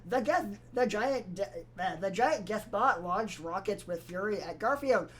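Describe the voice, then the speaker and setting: A woman reading fan fiction aloud on a gaming stream, playful and lively. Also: mid-range voice, moderate pace, hardly any pauses. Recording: loud background noise.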